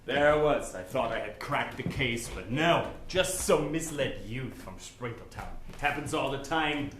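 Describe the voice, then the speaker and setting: A man doing a slow, dramatic hard-boiled narration, brooding and low. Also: a bit bright. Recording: echoey stage, distant mic, faint noise.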